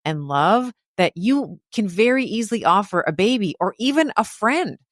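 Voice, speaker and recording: A woman's voice: mid-range voice, normal speed, dry recording, studio quality. A woman doctor talking as a guest on a podcast, speaking casually and acting out little voices as she makes her point. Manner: lively, acts out baby talk and inner critic voices. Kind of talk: animated conversational interview.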